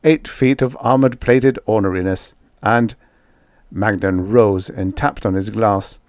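A man narrating a science fiction audiobook in an expressive storytelling manner. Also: fairly low pitch, unhurried, dry recording. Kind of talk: scripted narration.

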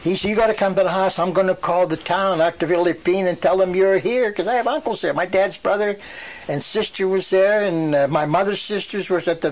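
An elderly man tells his stories in a rambling way, acting out the people he quotes. His voice sits a little high for a man. A faint hiss of noise runs under the recording. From western Pennsylvania. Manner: rambling storyteller who acts out quoted voices. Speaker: oral history interviewee. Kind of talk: storytelling reminiscence.

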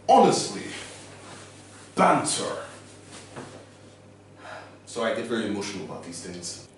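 A man's voice: on the low side, big pitch swings, unhurried, long pauses, slight background noise. A young man hosting a casual reaction video, ranting in an exaggerated, mocking way with goofy asides. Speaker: YouTuber. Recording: roomy, distant mic with music playing.

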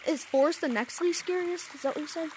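A woman's voice: extremely high pitch, quick pace, noisy background. A woman commenting casually on her gameplay, jumpy and easily startled, complaining as she goes. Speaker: game streamer.

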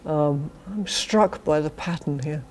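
With a slow, low, slightly mellow voice and a bit of background noise, an older British philosophy professor with a British accent addresses a university society, mixing dry wit with chuckled asides.

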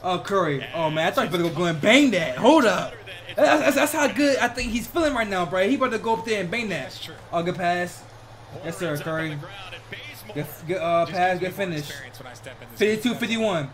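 A man hosting a basketball reaction video, talking casually in an excitable, slangy way. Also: sits high, moderate pace. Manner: excitable, slangy, repeats "bro".

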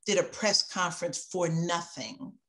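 Impassioned older woman author, slow and low. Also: steady tone. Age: 60s. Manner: impassioned, reflective, shifting between emphatic and hushed. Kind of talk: interview conversation.

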